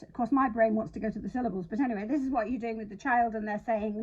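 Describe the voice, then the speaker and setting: A woman's voice: a little high, steady tone, fast, few pauses, a little mellow, muffled recording. A woman explaining a spelling routine in a chatty, self-deprecating way, sounding out word parts as she goes. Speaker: literacy teacher. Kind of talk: instructional talk to camera.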